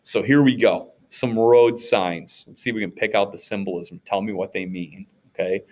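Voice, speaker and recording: A man's voice: lowish voice, fairly even intonation, normal speed, a little mellow. A man from the United States teaching a class in a casual, conversational way, often asking rhetorical questions and checking in with "okay?". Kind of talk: recorded classroom lecture recap.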